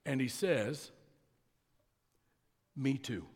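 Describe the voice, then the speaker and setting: A man's voice: medium pitch, darkish tone, husky. Man preaching in a reverberant hall. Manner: storytelling, conversational with pauses. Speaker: pastor. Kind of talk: sermon. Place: church sanctuary. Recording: long reverb of a large hall.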